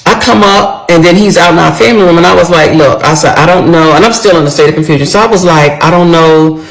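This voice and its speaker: Gravelly middle-aged woman telling a story. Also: lowish voice, quick pace, low-quality recording. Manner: animated, talks straight to viewers. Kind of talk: casual storytime monologue.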